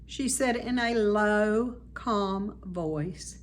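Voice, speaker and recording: A woman, a teacher, reading a children's chapter book aloud with expressive storytelling. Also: mid-range voice, slow, a little hiss or hum.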